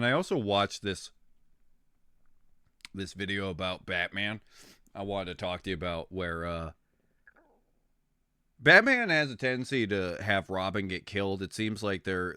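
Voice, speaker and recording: A man chatting on a stream, rambling and excitable, swearing freely as he goes. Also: deep voice, clear, resonant tone, no echo, clean studio sound. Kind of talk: casual stream chat.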